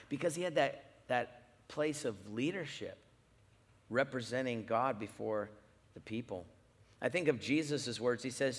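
Brief: middle-aged male pastor, lively storytelling sermon, fairly high voice, long church-hall reverb. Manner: animated storytelling, wide swings in loudness.

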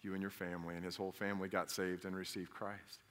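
Bright-voiced man preaching with animated fervor. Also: low voice, fast. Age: adult father. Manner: animated, jumps to loud emphatic peaks; talks directly to the congregation with questions. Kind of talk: conversational sermon.

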